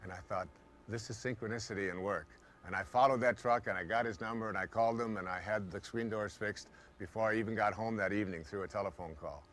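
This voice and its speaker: With a fairly low pitch and a little hiss or hum on the audio, a man delivers a motivational talk. His stories come alive as he voices the characters' inner thoughts with animated impressions.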